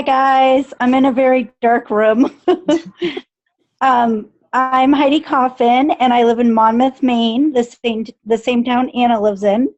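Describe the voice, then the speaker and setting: A woman's voice: fairly high pitch, darkish tone. Cheerful woman on a muffled call. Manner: cheerful, upbeat. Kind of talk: introducing herself on a video call. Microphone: video call.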